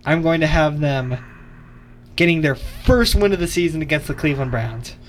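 A man's voice: a little high, normal speed, slight background noise. Young college radio sports host, man. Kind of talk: casual sports radio chat.

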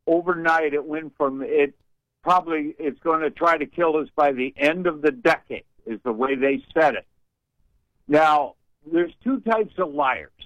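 An older man calling in to a radio show, talking in a folksy, rambling, wry way and clearing his throat from allergies. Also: a little high, fairly bright tone, no echo, poor audio. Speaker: radio caller. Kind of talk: call-in radio chat.

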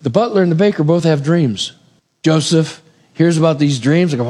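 A man preaching a conversational sermon in a church, retelling scripture stories with animated, acted-out quotes. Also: a little high, normal speed. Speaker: pastor. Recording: long reverb of a hall.

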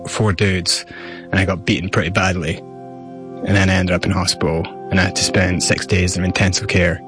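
A man's voice: deep voice, flat delivery, moderate pace, music in the background. A man with a Scottish accent, raised partly in South Africa, candidly recounting his life as an interview guest. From Scotland, raised in South Africa. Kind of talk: personal storytelling.

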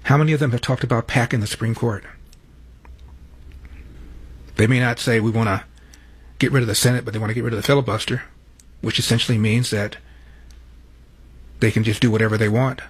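Husky man hosting political commentary. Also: mid-range voice, steady tone, quick pace, long pauses. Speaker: commentary host. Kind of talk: political commentary introducing clips.

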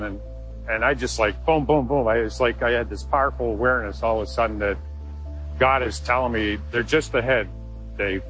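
A man telling a personal story in an interview, earnest and halting, with frequent restarts. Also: medium pitch, fairly bright tone, poor audio. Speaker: interviewee, former Marine.

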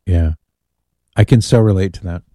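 A man hosts a call-in radio show, talking casually and reading listener messages with amused asides. His voice sits low and mellow. The studio sound is dry and close. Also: moderate pace, no room sound. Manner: chatty, reads listener emails aloud with amused asides. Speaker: radio host.

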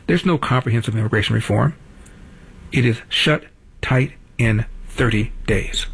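Older guy doing a talk radio rant, gravelly voice, punches up the big points. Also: mid-range voice, moderate pace. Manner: wry, combative, builds to emphatic peaks. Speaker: radio talk show host. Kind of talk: political talk radio monologue.

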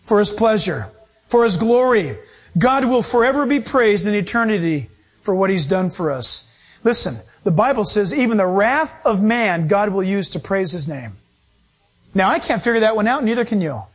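A middle-aged male pastor preaching a sermon, emphatic and animated, acting out quoted voices. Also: sits high, moderate pace.

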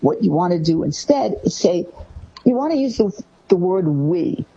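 A woman's voice: fairly low pitch, expressive, moderate pace, warm tone, lo-fi sound, a little hiss or hum. A woman hosting a talk show, giving parenting advice and acting out the phrases parents say to their kids. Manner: acts out parents' phrases in a raised voice. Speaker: host.

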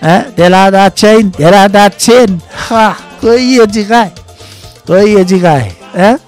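A man's voice: high-pitched, measured pace, soft background music. A man hosting a casual radio show, running a listener quiz in a playful, teasing way and switching between languages. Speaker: radio host.

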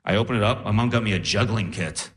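A young man doing a stand-up set on a live stage, telling stories in a lively, animated way. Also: on the low side, fast. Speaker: stand-up comedian. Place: live comedy stage with audience.

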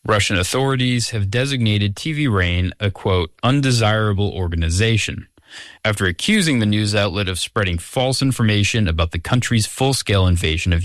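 A man narrating a scripted radio news report in a measured, even tone. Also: lowish voice, dry recording, studio quality.

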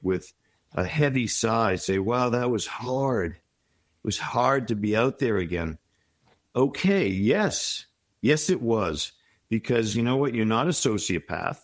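Low-voiced reflective man, dry sound. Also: no echo. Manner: reflective, encouraging, tells stories. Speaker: guest. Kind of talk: conversational advice in an interview.

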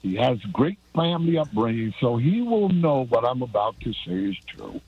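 A man calling in to a radio show, halting and repeating words. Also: mid-range voice, very animated, breathy edge. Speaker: caller. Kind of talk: phone-in chat. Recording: muffled phone line.

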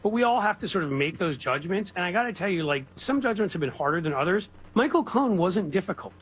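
A middle-aged man co-hosting a talk radio show, rambling with halting restarts. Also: high voice, expressive, a bit bright, husky, rough recording. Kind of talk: casual political talk.

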